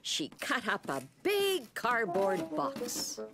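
A woman narrating a children's cartoon in an expressive, clear storytelling voice. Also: a little high, slow. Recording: music beneath the narration.

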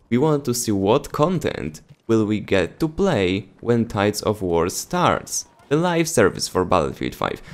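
A man with a Polish accent giving sarcastic, exasperated commentary in a gaming news vlog. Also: on the low side.

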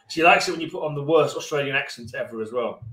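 Lively Cockney man chatting about beer. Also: mid-range voice, fairly quick, recorded from a distance. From East End of London. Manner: swears freely, joking and rambling. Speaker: podcast co-host. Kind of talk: casual beer-tasting chat. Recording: roomy echo.

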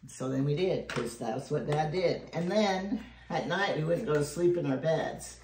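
A woman's voice: deep voice, lively intonation, normal speed, darkish tone. An older woman chatting casually and telling rambling family stories while she bakes, chuckling often. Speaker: home cook vlogger. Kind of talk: casual chat while baking. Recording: echoey room, faint noise.

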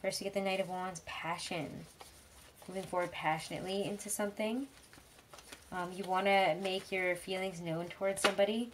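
A woman giving a casual tarot reading, chatty and rambling, with frequent fillers and soft laughs. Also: medium pitch, fairly even intonation, normal speed, very noisy. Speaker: tarot reader.

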